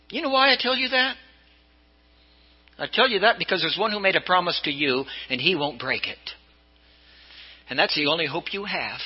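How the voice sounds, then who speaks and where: An older man from California preaches as a bishop in a church. His voice sits a little high and rises and falls sharply to stress his points. The recording sounds slightly dull and lo-fi. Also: breathy edge. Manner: storytelling preacher, swinging pitch for emphasis. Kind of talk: sermon.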